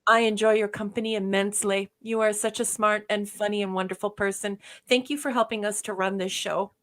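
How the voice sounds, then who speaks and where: A woman's voice: mid-range voice, fairly even intonation, a little fast, fairly bright tone. A woman co-hosting a casual live show, effusive and gushing with thanks to viewers. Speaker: co-host. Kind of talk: casual livestream chat.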